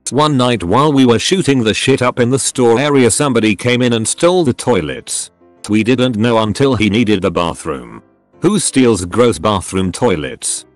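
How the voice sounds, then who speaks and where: A man's voice: medium pitch, moderate pace, no echo. A man narrating online stories aloud in a plain storytelling delivery. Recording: dry close recording with faint background music.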